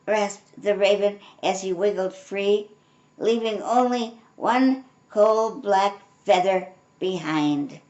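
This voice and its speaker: Slow, gentle grandmother reading a storybook. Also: medium pitch, highs cut off. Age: older. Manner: gentle, unhurried, chatty asides. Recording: roomy echo.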